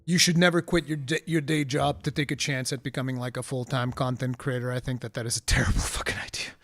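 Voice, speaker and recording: A man's voice: mid-range voice, flat delivery, fast talker, fairly bright tone, soft background music. A man hosting a live gaming talk stream, giving blunt, frank advice and swearing casually.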